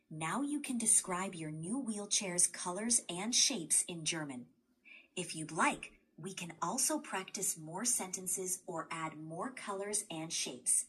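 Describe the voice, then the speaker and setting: A woman's voice: on the low side, slightly rough. A woman's voice, computer-made, guiding a language lesson in a patient, encouraging way. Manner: patient, encouraging, even-paced. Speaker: language tutor assistant.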